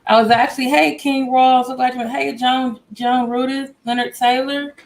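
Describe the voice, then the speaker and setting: A woman's voice: high voice, flat delivery, normal speed, low-quality recording. A woman hosting a casual livestream from home, chatty and greeting viewers by name as they join. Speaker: livestream host.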